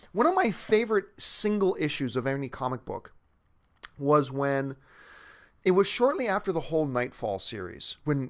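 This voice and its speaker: A man with a mid-range voice hosts a movie news show, answering a viewer's question in a casual, enthusiastic, rambling way. He often restarts his sentences as he talks.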